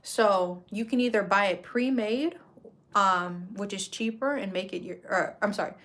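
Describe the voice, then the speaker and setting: A woman's voice: medium pitch, normal speed. A woman hosting a casual craft vlog, chatting in a loose, rambling way and correcting herself mid-sentence. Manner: relaxed slang-filled talk. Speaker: craft vlogger. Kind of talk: casual chatty product walkthrough.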